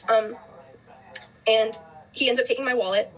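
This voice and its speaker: A young woman hosting a podcast, telling a personal story quickly with lots of "like" and restarts. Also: on the high side, fairly even intonation, poor audio. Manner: fast, heavy use of "like", restarts. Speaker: host.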